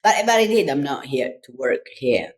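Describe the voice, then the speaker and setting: Italian-accented woman, very low voice, podcast guest, candid. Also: very animated, moderate pace. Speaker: guest, design consultant. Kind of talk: podcast conversation.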